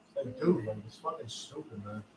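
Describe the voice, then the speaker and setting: A man's voice: fairly low pitch, fairly quick, a little mellow, slight background noise. A man co-hosting a live fight reaction show, ranting heatedly with lots of profanity and repetition. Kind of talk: casual live reaction chat.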